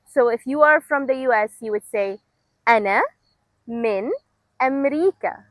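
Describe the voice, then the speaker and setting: A fairly high-voiced young woman from Egypt teaches an absolute-beginner language class out of doors. She speaks slowly and clearly, repeats each word for the learner and praises them often. Her voice sounds close and dry, with almost no room sound. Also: no room sound, low-quality recording. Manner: slow, clear, encouraging drill delivery. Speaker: Arabic teacher. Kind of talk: language lesson with repetition drills. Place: outdoors.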